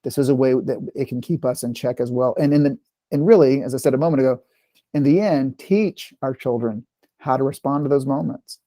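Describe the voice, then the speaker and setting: Mellow-voiced man leading a parent workshop. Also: mid-range voice, brisk, dry recording, studio quality. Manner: conversational, with frequent "right?" check-ins. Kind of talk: informal talk to parents.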